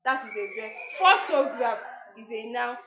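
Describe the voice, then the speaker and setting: Woman teacher, high voice, halting, repeats words, echoey room. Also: fairly bright tone. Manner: halting, repeats herself while searching for words. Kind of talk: classroom lesson. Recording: echoey room with faint noise.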